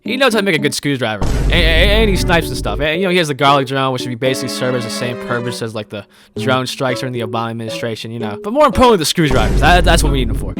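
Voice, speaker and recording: A man's voice: mid-range voice, animated, very fast, music in the background. Rambling, cussing young man commentating. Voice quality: rambling, profane, joking. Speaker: video essay host. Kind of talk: casual commentary.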